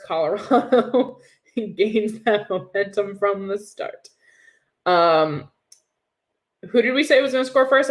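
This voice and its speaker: Casting: young woman, chatty and giggly, sarcastic livestream co-host, mid-pitched. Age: young adult. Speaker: podcast co-host. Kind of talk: casual hockey chat, livestream.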